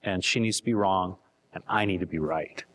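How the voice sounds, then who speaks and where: A middle-aged man with a low voice jokes at his own expense while speaking to couples. His words trail off into a long hall reverb. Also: moderate pace, a bit bright. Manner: joking, self-deprecating. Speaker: seminar speaker. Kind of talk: candid talk to couples.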